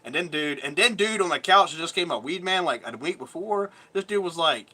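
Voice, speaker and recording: Brief: thirties guy vlogging, streetwise and cursing, bright edgy tone. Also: on the high side, animated, brisk. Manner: rambling, profane, streetwise. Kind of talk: casual storytelling.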